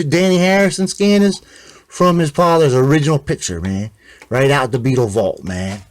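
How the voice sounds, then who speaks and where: Man, guitar vlogger, rambling, excitable, conspiratorial, slightly high voice, lively swings. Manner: excitable, conspiratorial, constantly says "man" and "you know what I mean". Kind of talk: rambling casual show-and-tell.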